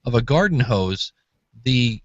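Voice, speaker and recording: A man's voice: mid-range voice, a little slow, no room sound, dull audio. A man co-hosting a podcast advice show, chatty and demonstrating vocal inflection. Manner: lively, demonstrates voices, chuckles. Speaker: co-host. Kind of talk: casual advice chat.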